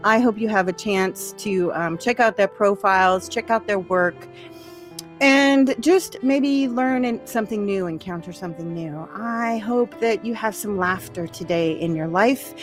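A woman hosting a casual podcast chat, laughing often and loudly as she talks. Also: medium pitch, measured pace, soft background music. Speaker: host.

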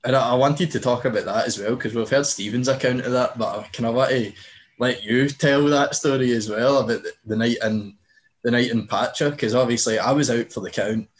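A young man hosts a podcast. He tells stories in casual chat, gets animated and swears freely, and his voice sits at a middle pitch. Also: a little fast. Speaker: podcast host.

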